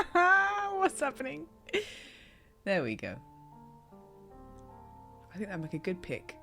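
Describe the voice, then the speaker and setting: A woman giving casual, excitable let's-play commentary, yelling and laughing at the game as she plays. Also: sits low, a little slow, pauses often. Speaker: gaming streamer. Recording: game music playing under voice. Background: game music.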